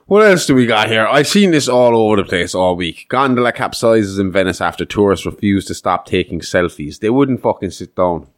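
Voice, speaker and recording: A man's voice: lowish voice, animated, brisk, few pauses, dry recording, studio quality. A man co-hosting a podcast in loose, casual chat, swearing freely and laughing often. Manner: laid-back, swears a lot, laughs often. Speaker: podcast co-host.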